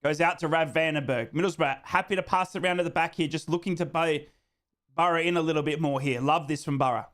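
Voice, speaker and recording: Male fan host calling a match live, high bright voice, swings to shouting. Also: fast talker. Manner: excitable, bursts into shouting celebrations; reads out viewers' names and answers them. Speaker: host of a live football watchalong.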